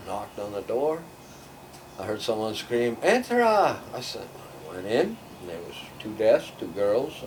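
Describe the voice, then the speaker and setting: An older man spins a long, rambling story in a low voice, acting out the people he met and dropping almost to a whisper for asides. He sits some way from the microphone, and steady background noise runs under his talk. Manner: acts out voices in his stories, drops to a near whisper for asides. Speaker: storyteller guest. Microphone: far from the mic. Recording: distant mic, audible background noise.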